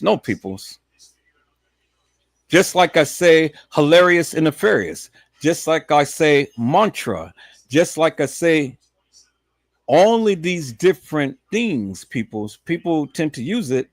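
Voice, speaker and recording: A man hosting a live stream, talking in a preachy, repetitive way that swings from low muttering to loud emphatic shouting. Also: very animated, a little slow, no echo. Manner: preachy, repetitive, addresses viewers as peoples.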